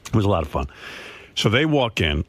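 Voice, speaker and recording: A man on a radio show telling a family story in casual talk, emotional and animated, jumping higher when he quotes his parents. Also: brisk, slightly rough.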